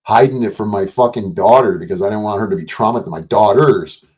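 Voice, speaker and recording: A man's voice: on the low side, brisk, a little mellow. An older man hosting a livestream, rambling casually and profanely while reading and answering chat messages. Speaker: livestream host.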